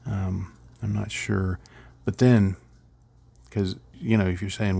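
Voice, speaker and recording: A man's voice: low-pitched, steady tone, measured pace, creaky, dark tone, breathy edge, no echo. A middle-aged man casually rambling through a miniature painting tutorial, chuckling at his own slips.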